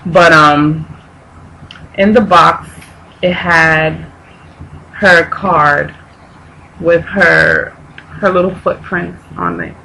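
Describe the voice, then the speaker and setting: A woman speaks to her viewers in a personal vlog, fighting back tears as she talks. Her voice is gravelly and tense, and she halts and repeats herself, searching for words. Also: fairly low pitch, steady tone, sharp tone, a little hiss or hum, rough recording. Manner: halting, repeats herself, restarts often. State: near tears, grieving. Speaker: vlogger.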